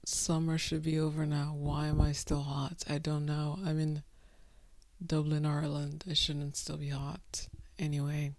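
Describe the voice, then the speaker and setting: A woman's voice: deep voice, monotone, unhurried, a little mellow, no echo. A woman in her twenties chatting candidly to camera at home, laid-back and drifting, laughing at herself and feeling the heat. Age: 20s. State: overheated. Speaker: vlogger. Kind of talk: candid casual chat to camera. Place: room at home.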